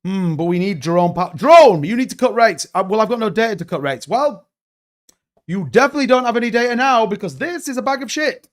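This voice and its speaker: A man's voice: high voice, lively intonation, voice pushed up. A man doing mocking skit impressions of officials. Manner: playful, halting, self-interrupting skit.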